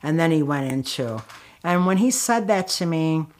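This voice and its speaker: A woman's voice: deep voice, lively intonation, normal speed. Candid middle-aged woman telling her story. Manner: emotional and candid, with frequent fillers and restarts. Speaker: guest, author and anti-violence activist. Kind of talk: conversational storytelling.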